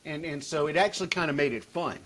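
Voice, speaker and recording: A man's voice: a little high, lively intonation, fast talker, fairly bright tone, slight background noise. Rambling man. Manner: rambling, restarts and repeats. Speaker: guest author. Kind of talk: casual podcast chat.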